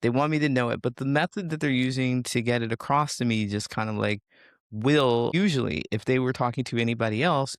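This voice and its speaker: A man, a coach, talking reflectively in a podcast interview and sometimes acting out inner thoughts in a higher voice. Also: creaky, no room sound, studio quality. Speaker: social connections coach.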